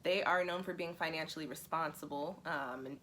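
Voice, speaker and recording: Woman, astrology vlog host, casual and chatty, emotional, lowish voice. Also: fairly quick, pushed and bright, a little hiss or hum. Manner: chatty, emotional, laughs often, many fillers. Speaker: astrology and tarot channel host.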